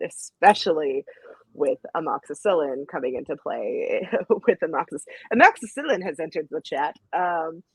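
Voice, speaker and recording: Husky-voiced woman podcast host. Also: low-pitched, no room sound, rough recording. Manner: gushing, halting, many restarts. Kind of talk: casual podcast chat. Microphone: AirPods.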